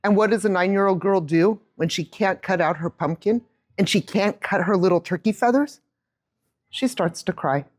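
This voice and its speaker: A woman in her fifties giving a keynote talk on stage, telling a childhood story to a live audience with an animated manner and a handheld mic. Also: mid-range voice, moderate pace. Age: 50s. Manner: animated storyteller, acts out quotes. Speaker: keynote speaker.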